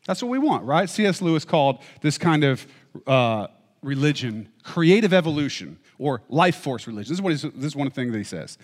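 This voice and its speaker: A man's voice: fairly high pitch, very animated, fairly quick. A man preaching a sermon, emphatic, and often asking rhetorical questions. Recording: echoey hall reverb.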